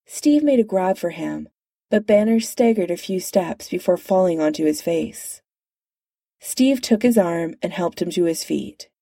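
Woman narrator, audiobook reading, slow, gravelly, lively pitch, dry close sound. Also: dry recording. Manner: measured, expressive reading.

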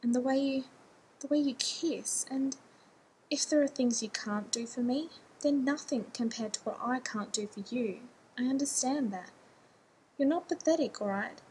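A woman's voice: sits high, normal speed, a little mellow, a little hiss or hum, pitched above the performer's own voice, natural voice, low-quality recording. A woman voicing a frantic, rambling young man. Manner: frantic, self-deprecating pleading. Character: anxious, rambling adult man.

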